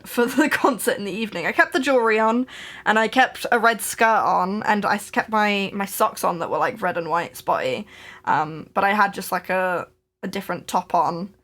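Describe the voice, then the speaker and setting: A young woman chats on a home crafting live stream and tells a winding story. She starts sentences over and over and giggles often. Her talk stays relaxed and easygoing throughout. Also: mid-range voice, moderate pace. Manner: chatty, rambling, giggly, with many restarts. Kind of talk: casual storytelling chat.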